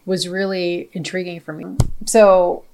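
A woman's voice: on the low side, little pitch movement, measured pace, a little mellow, a little hiss or hum. A woman hosting an interview, speaking casually and hesitantly, filling her sentences with "um" and "like". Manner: hesitant, many fillers and restarts. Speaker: podcast host.

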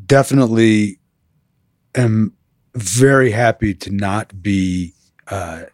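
A low-pitched man chats as a podcast guest in a laid-back, halting way. He clears his throat often. The sound is dry and close. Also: fairly even intonation, a little mellow, dry recording. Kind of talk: casual chat.

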